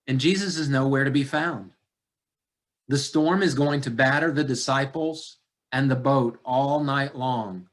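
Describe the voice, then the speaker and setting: A medium-pitched male voice belongs to a pastor giving a sermon, deliberate and searching, who questions his congregation rhetorically over and over.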